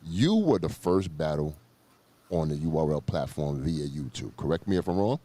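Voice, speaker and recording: A man's voice: a bass voice, sing-song, moderate pace, warm tone. A man hosting a casual sit-down interview, talking emphatically and repeating phrases for stress. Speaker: interview host.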